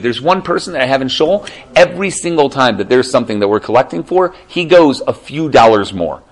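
Animated man teaching a Torah class. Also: a little high, fairly quick, low-quality recording. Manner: animated and conversational, often tags "right?".

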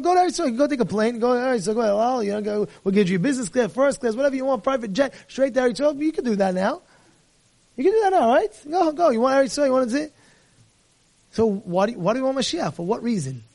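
Male rabbi, very high voice, dramatic sermon delivery, acts out dialogue, mixes in Hebrew and Yiddish terms. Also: lively intonation, fast talker, vocal fry, a little mellow. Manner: dramatic storytelling, acts out dialogue, rhetorical questions. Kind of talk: animated sermon.

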